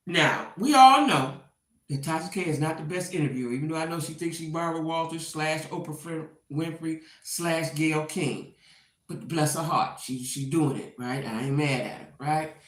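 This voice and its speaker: A woman with a low, slightly bright voice hosts a casual gossip commentary in a reverberant space. She chats directly to her viewers, answering them by name and tagging her points with "right?".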